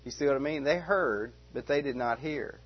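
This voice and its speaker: A man's voice: medium pitch, normal speed, slightly rough. A man teaching through a Bible passage verse by verse, earnest, often repeating himself and asking rhetorical questions. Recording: dull lo-fi recording.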